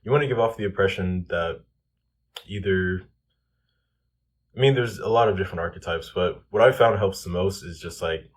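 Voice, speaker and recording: A man's voice: low voice, normal speed, pauses often. A young man giving casual self-improvement advice, loose and full of "like" and "um". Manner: loose, filler-heavy, lots of "like" and "um".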